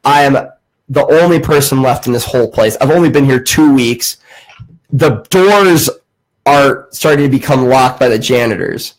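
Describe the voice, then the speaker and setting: A young man hosts a casual podcast, speaking at a medium pitch and a moderate pace on a low-quality recording. He tells an animated story, acting out the voices of the people in it and swearing freely.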